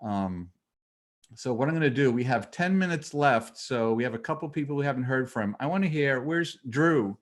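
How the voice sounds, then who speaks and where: A man's voice: mid-range voice, animated, normal speed. A man hosting a casual video call chat, talking in a chatty, rambling way with fillers. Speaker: host.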